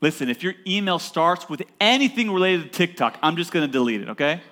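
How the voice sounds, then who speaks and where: Talking fast in a slightly high, expressive voice, a pastor preaches a sermon in church. He's emphatic, builds to loud peaks, and jokes with the congregation in asides.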